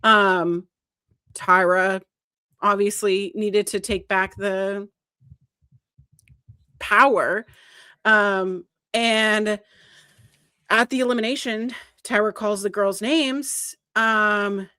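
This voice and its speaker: A woman co-hosting a casual podcast, retelling a story with lively emphasis and the odd swear word. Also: mid-range voice, takes it slowly, long pauses, no echo, studio quality. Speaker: podcast co-host. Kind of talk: casual chat.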